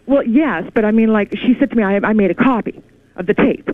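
A woman calling into a radio show, telling her story in an excited, rambling way with many restarts. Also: medium pitch, brisk, no room sound. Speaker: caller. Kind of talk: call-in radio chat. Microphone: telephone. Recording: tinny phone line.

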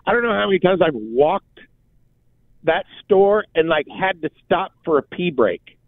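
A man chatting casually, telling animated stories and acting out what people said, with lots of "like" and "bro". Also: sits high, a little slow, no echo. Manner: animated storyteller, acts out quotes, says "like" and "bro" often. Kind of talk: casual chat. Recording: dry, phone-like sound.

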